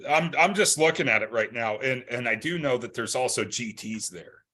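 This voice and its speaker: A man's voice: mid-range voice, moderate pace, bright, forceful tone. A man guest on a podcast, chatting in a laid-back, joking way with some restarts. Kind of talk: casual podcast chat.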